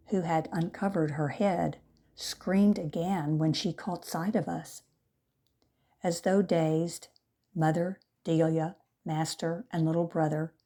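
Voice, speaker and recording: A woman, a volunteer reader, narrating an audiobook in a slow, measured way. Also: on the low side, mellow.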